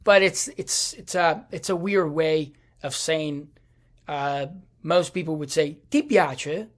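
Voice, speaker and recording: A man teaching a language lesson over slides, speaking slowly with many fillers and restarts. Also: on the high side. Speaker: Italian teacher.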